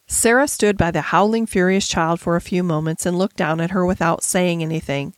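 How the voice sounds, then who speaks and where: A woman narrating a classic children's novel as an audiobook in a measured, gentle storytelling manner. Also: medium pitch, dry recording. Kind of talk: scripted narration.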